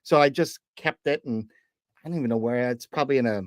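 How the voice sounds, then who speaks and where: A podcast co-host tells a personal story in casual chat, acting out the remembered dialogue as a lively storyteller. His medium-pitched voice moves at a quick pace, recorded dry and at studio quality.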